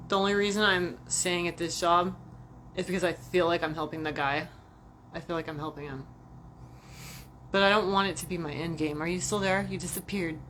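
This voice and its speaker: A woman ranting casually to camera about work, profane, animated and self-mocking. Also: fairly low pitch, slight background noise. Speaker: vlogger.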